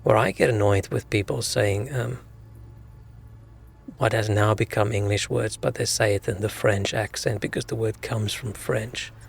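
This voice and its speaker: Gravelly-voiced man rambling over a game. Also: on the low side, steady tone, moderate pace. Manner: rambling, musing aloud. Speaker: streamer. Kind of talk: casual gaming commentary.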